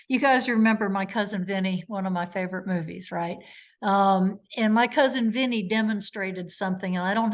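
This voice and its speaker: Woman lawyer teaching in a webinar. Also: mid-range voice. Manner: storytelling, acts out witness and lawyer exchanges. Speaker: trial lawyer giving a legal education talk. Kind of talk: live webinar lecture.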